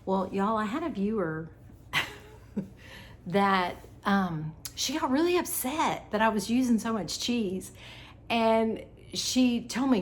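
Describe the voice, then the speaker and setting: A woman's voice: mid-range voice, lively intonation, takes it slowly. A woman chatting casually while preparing food in her home kitchen, lighthearted and laughing easily, saying "y'all.". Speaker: vlogger and wellness coach.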